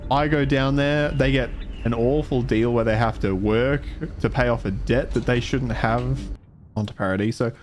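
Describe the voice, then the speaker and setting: A man's voice: medium pitch, steady tone, moderate pace, slight background noise. A man streaming a video game, ranting in frustration and swearing, often trailing off in the middle of thoughts. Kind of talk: casual gameplay commentary.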